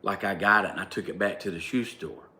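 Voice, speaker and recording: A man's voice: deep voice, fairly quick, pushed and bright. A man with a Southern American accent telling a story in a rambling, casual way, leaning on "like" and breaking into emphatic bursts. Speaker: vlogger. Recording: roomy echo, faint ambience.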